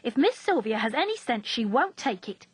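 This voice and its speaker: A woman's voice: fairly high pitch, very animated, normal speed, breathy edge, no echo. A woman reading aloud, voicing a stern, fussy old nursemaid who scolds firmly. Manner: firm, scolding.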